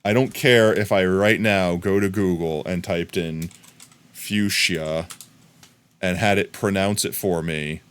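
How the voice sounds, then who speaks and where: A man's voice: sits low, steady tone, takes it slowly, fairly bright tone, clean tone. A man live-streaming a game, chatting casually and goofily riffing on silly words as he plays.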